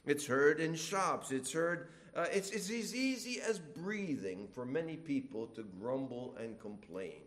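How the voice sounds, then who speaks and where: A middle-aged man preaching a sermon, animated, acting out complainers in whiny voices. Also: fairly high pitch, unhurried, few pauses.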